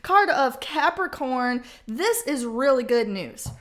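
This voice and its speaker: A woman's voice: high-pitched, moderate pace. A woman giving a casual tarot reading at home, talking bluntly with slang and plenty of swearing. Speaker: tarot reader. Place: home with a cat.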